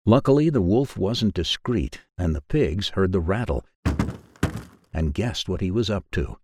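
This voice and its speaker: A man narrating a children's fairy tale in a measured, expressive way. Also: low voice, background noise. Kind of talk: storybook narration.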